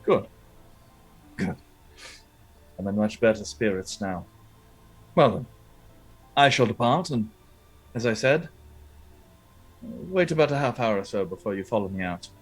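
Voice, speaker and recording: A man voicing a scheming noble lord who gives cold, measured orders in a low voice. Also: expressive, husky, soft background music.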